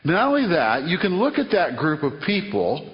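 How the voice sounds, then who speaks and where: A man's voice: a little high, wildly swooping pitch, moderate pace. A man preaching a sermon in an earnest way, repeating phrases and acting out conversations, heard in a church hall. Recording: muffled sound in a long-echo hall.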